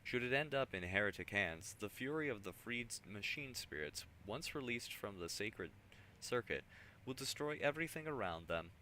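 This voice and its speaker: A man's voice: lowish voice, animated, moderate pace, sharp tone, a little hiss or hum. A man voicing a solemn, zealous male tech priest, reading the lines in a formal, stiff way. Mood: grave.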